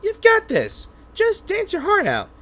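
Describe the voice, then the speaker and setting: A man voicing a small, excitable floating girl companion in a game, reading her lines with squeaky, shrill exclamations. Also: normal speed, heavily acted. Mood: chirpy.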